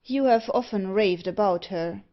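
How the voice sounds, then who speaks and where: A woman's voice: mid-range voice, unhurried, dull audio, natural voice. A woman reading a sinister male keeper. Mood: cold.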